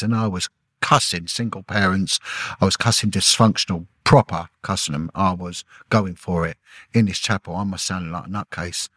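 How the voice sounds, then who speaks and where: A middle-aged man, a former detective, telling an emotional personal story in a halting way, repeating words and acting out what people said. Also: sits low, fairly even intonation, fairly bright tone, dry recording. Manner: halting, repeats words, acts out quoted dialogue. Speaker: podcast guest, former police detective.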